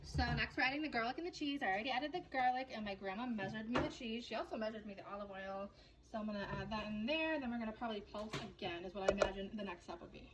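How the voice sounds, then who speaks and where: A woman's voice: on the high side, rapid-fire, very noisy. A young woman chatting casually to camera in a home vlog, giggly and self-mocking as she cooks and gardens. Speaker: vlogger.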